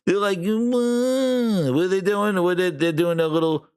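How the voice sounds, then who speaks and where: A man's voice: high-pitched, fairly even intonation, fairly quick, smooth. A man hosting a gaming podcast, ranting sarcastically, swearing and acting out mocking quotes. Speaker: podcast host. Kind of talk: ranting commentary.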